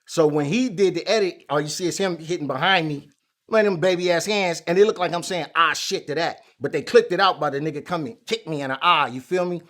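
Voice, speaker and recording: A man as an interview guest, telling a story in casual chat, animated and full of street slang. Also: a little high, fast. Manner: animated, acts out quoted lines loudly, heavy street slang.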